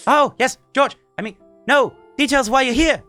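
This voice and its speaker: A man voicing a frantic, scatterbrained woman wizard in a tabletop game, talking high and rushed. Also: bright, forceful tone, faint music behind. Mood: hurried.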